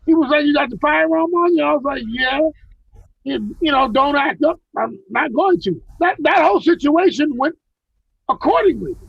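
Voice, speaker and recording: A man's voice: very high voice, expressive, moderate pace, vocal fry, dry recording, lo-fi sound. A man on a video call telling long, profane stories from his life, rambling with many restarts. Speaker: guest recounting personal stories. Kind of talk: casual chat on a video call. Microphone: video call mic.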